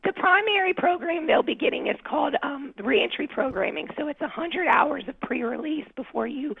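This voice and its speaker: Hoarse-voiced woman on a phone line. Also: high-pitched, expressive, moderate pace. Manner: earnest, explanatory, clears throat often. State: losing her voice. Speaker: corrections department official, phone guest. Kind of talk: radio interview.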